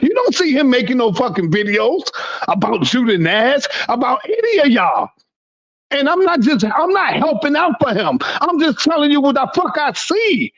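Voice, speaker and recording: A man's voice: very high voice, fairly bright tone. A man lecturing a group in a heated, profane rant during a panel debate. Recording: dull lo-fi sound.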